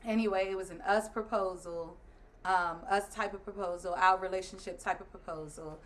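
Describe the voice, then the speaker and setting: Woman telling a story with lively energy. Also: on the low side, normal speed. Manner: animated, laughing, acts out voices of others. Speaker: guest, host's wife. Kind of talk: casual storytelling.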